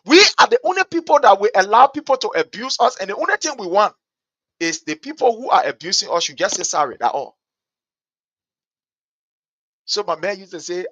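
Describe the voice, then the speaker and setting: A man with a Liberian English accent, hosting a show with impassioned, repetitive political commentary that builds to shouting. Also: high-pitched, big pitch swings, fast, dry recording. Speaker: talk show host.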